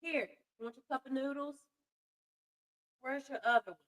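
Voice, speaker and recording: A woman's voice: high voice, fairly even intonation, moderate pace, fairly bright tone, rough recording. A woman vlogging casually at home, chatting to her cat and the camera with offhand swearing.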